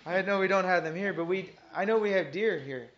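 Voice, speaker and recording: A woman's voice: on the low side, fairly quick. A woman teaching from the Bible to a small group, reading verses aloud and repeating them with earnest emphasis. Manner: earnest, reads scripture aloud with emphatic repetition. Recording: dull lo-fi recording.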